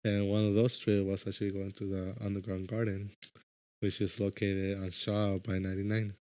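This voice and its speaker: A man's voice: on the low side, little pitch movement, normal speed, a little mellow. A man co-hosting a podcast, chatting in an easygoing way with frequent agreeing murmurs and laughs. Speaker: podcast co-host. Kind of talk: casual podcast chat.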